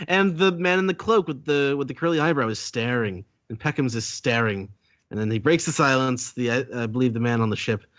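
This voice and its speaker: A man co-hosting a podcast, recapping a manga chapter in a relaxed, halting way. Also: mid-range voice, no room sound, highs cut off. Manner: relaxed, halting storytelling with fillers. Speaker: podcast co-host.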